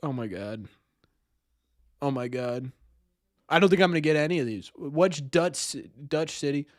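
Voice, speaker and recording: A man's voice: fairly high pitch, measured pace, no room sound, clean studio sound. A young man streaming, thinking aloud through a quiz and mocking himself when he gets answers wrong. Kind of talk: live stream chat.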